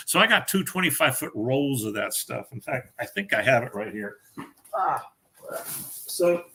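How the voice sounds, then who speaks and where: A man's voice: mid-range voice, bright, forceful tone, slight background noise. An older man, a guest author, chatting casually and telling stories with frequent laughter. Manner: chatty storyteller, laughs often. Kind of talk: casual chat.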